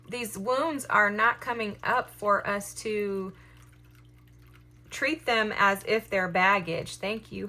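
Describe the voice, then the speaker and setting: Woman, tarot reader, bright clear voice, encouraging, enthusiastic, chatty address to viewers. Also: mid-range voice. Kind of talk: collective tarot reading to camera.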